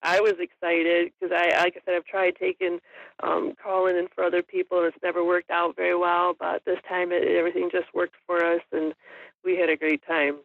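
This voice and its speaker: A woman's voice: on the low side, level tone, a little fast, creaky, dry recording. A woman guest telling a hunting story in a casual interview, chatty and laughing often. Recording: dull lo-fi audio.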